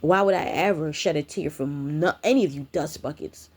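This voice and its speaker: A woman's voice: sits low, moderate pace, a little mellow, breathy edge. Woman, spiritual vlogger, profane confrontational rant. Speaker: spiritual content creator. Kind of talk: ranting vlog monologue.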